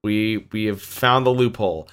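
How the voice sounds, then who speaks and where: A man's voice: lowish voice, normal speed, a bit bright, smooth. A man from Canada co-hosting a podcast, chatting casually and rambling with lots of fillers. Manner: laid-back, rambling with many fillers. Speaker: podcast co-host. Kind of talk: casual chat.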